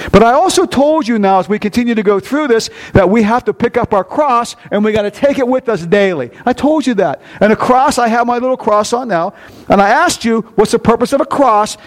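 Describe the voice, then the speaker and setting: An older man preaching a sermon, asking his congregation call-and-response questions and joking with them. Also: sits high. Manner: joking, animated delivery. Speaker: pastor.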